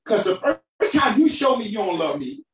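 A man preaching a sermon as pastor, calling for responses from the congregation and swinging between shouted emphasis and quiet, low asides. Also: sing-song, moderate pace. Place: church hall. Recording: roomy hall sound from a distant mic.

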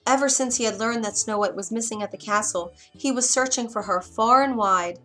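Expressive woman storybook narrator. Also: fairly high pitch, soft background music. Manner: expressive, dramatic pauses.

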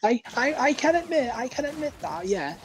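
Over a loud crowd in a low-quality recording, a British man with an extremely high voice chats at a moderate pace as a guest during a game. Once he warms up, he stumbles and repeats words in his excitement.

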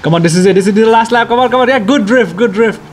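A young Indian-accented man with a bright, high-pitched voice riffs through a racing game in a jokey, excitable way, often breaking into loud cheers. Game engine noise sits faintly underneath him. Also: quick pace. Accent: Indian English. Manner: excitable, playful, jokey, bursts of shouting. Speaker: gaming YouTuber. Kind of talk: let's-play racing commentary.

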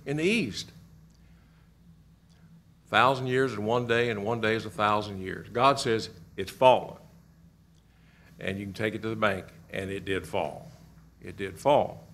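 Teaching a Bible class at church, this middle-aged man from Kentucky speaks at a medium pitch, quizzing the group and echoing their responses with lively emphasis.

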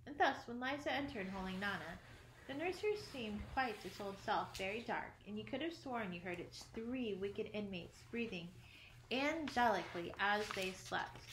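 Woman storybook narrator, mid pitch, expressive, echoey room with faint background hum. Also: normal speed. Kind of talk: storybook reading.

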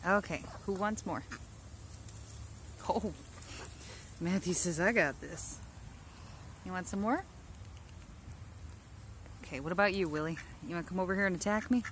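A woman's voice: on the low side, a little slow, long pauses, fairly bright tone, a little hiss or hum. A woman outdoors in her backyard, talking in a cooing, affectionate baby-talk way to her ducks while filming them on a handheld phone. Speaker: backyard duck keeper. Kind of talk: casual vlog talking to pets. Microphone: handheld phone camera.

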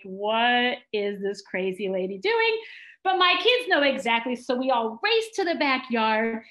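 Middle-aged woman telling a story live, high voice, lively and dramatic, roomy hall. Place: congregation hall on stage. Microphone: stage mic with feedback. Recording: echoey hall.

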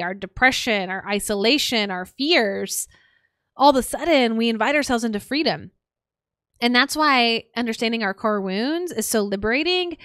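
A woman's voice: a little high, fairly bright tone, clean tone, no room sound, clean studio sound. A woman hosting a solo podcast, talking earnestly in long lists of repeated phrases with frequent "like" fillers. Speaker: podcast host. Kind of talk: solo reflective podcast talk.

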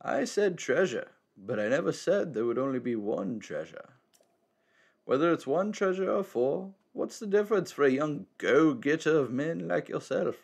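A man voicing a mysterious, teasing old male hermit in a slow, measured old man voice, reading game dialogue aloud. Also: a little high, sing-song, creaky, a little mellow, voice pushed up, heavily acted. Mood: cryptic, teasing.

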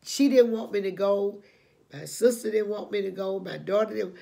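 A gravelly, warm, medium-pitched voice belongs to an older woman who hosts her own channel, talking at a moderate pace. She recounts her life story to camera with emotion and a preachy tone, repeating herself and calling her audience "honey."

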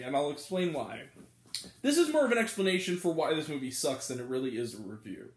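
Male movie reviewer, high and very expressive voice, rambling and self-correcting. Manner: animated, rambling, stumbles over names and laughs. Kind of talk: casual spoken movie review. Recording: roomy echo.

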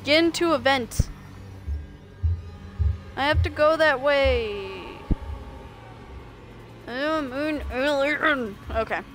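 A woman's voice: sits high, very slow, pauses often, fairly bright tone, soft background music. A woman with a slight Southern US accent, chatting through a live-streamed game and talking back to it. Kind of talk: live-streamed gameplay commentary.

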